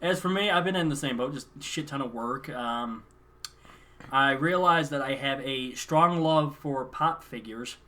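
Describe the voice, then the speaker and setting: A man's voice: mid-range voice, measured pace, bright, forceful tone. A man co-hosting a casual podcast, telling a rambling story with frequent laughter. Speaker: podcast co-host. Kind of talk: casual chat.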